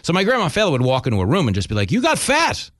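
A man's voice: medium pitch, rapid-fire, no echo, clean studio sound. A man with a New York accent, a radio host and comedian, chatting casually in an interview and acting out voices in his stories. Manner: animated storyteller, acts out voices in anecdotes.

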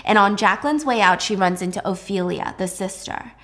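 A young woman casually recapping a drama, chatty and animated. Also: mid-range voice, a little fast.

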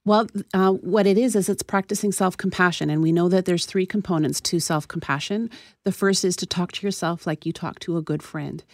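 Give me a woman therapist giving calm, measured advice on a radio show, with a low, dry studio voice. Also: no echo. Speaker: therapist guest. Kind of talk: radio talk show interview.

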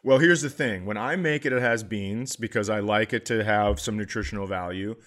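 A middle-aged man co-hosting a comedy podcast, telling rambling stories in casual chat and slipping into animated impressions. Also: fairly low pitch, moderate pace.

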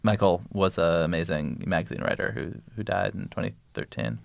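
A man's voice: sits low, animated, brisk, vocal fry, no room sound. A man answering as a podcast guest in loose, rambling conversation, full of restarts and fillers. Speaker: podcast guest, news editor. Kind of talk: casual interview conversation.

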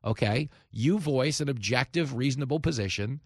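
A man, hosting a talk radio show with animated, sarcastic commentary. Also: medium pitch, normal speed, no echo, clean studio sound. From New York.

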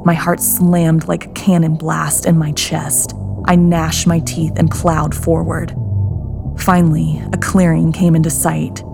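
Woman telling a creepy story, kinda gravelly low voice, whispery bits, music underneath. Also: flat delivery, a little slow. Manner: hushed, often drops to a whisper. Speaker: podcast host and storyteller. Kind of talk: scripted horror story narration. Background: background music.

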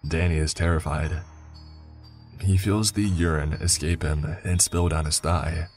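A man reading a first-person horror story in a measured, scripted narration. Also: deep voice, fairly even intonation, darkish tone, faint music behind.

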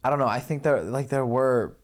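A young man in casual podcast chat, his thoughts wandering and restarting, words padded with fillers. His voice sits at an ordinary middle pitch for a man. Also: a little fast. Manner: rambling, many fillers and restarts. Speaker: podcast co-host.

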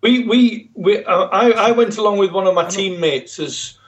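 A man's voice: high voice, moderate pace. Good-humoured South Yorkshire man. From South Yorkshire, England. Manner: good-humoured, self-mocking. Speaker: guest, former footballer. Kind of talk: casual interview chat.

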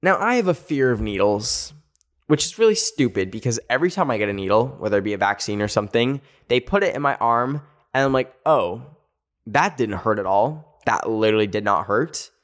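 A man's voice: on the low side, fairly quick. Sassy, chatty man telling a story. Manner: animated storytelling, sassy asides, acts out quotes. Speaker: podcast host. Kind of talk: casual chat.

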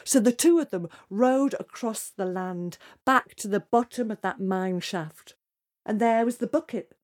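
A woman storyteller telling a fairy tale to children, lively and dramatic, dropping to hushed tones for suspense. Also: medium pitch, a little slow.

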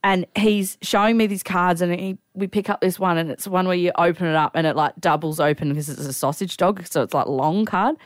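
Casting: an woman, lower voice, emotional storyteller, dry close sound. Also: fairly quick, few pauses, no room sound. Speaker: podcast co-host. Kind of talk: casual chat, storytelling.

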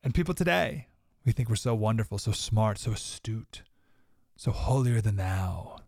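A man's voice: fairly low pitch, lively intonation, moderate pace, creaky, darkish tone, no room sound, studio quality. A man hosting a podcast, giving an emphatic, sarcastic commentary monologue and mocking his opponents in put-on quotes. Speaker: podcast host.

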